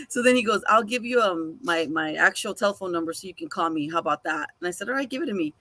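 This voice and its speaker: Bright-voiced woman telling a story. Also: lowish voice, fast, no echo. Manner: animated, swears casually, acts out quoted dialogue. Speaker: podcast co-host. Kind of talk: casual storytelling chat.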